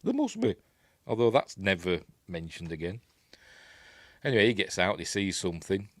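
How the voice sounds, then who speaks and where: A man's voice: deep voice, wildly swooping pitch, moderate pace, fairly bright tone, dry recording. A man with a Yorkshire accent giving a casual, rambling film commentary while the film plays, with hesitant asides. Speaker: film reviewer.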